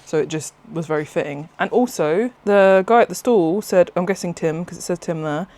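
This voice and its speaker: A craft vlogger with a mid-range voice chats at a moderate pace in a casual vlog. Her manner is rambling and excitable, and she often laughs and cuts off her own sentences.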